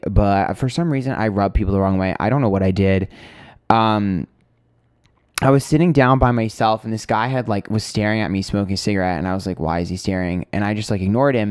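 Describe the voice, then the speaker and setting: A man's voice: on the low side, darkish tone, smooth, dry recording, studio quality. A young man who reads tarot, rambling through a story in casual chat, swearing freely and sounding exasperated. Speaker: tarot reader and streamer.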